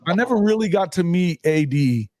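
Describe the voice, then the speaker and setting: Give me a lively middle-aged male podcast host. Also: high voice, normal speed. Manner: animated, swears casually, laughs often. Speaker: podcast host, sports writer. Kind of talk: casual chat. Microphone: remote call mic.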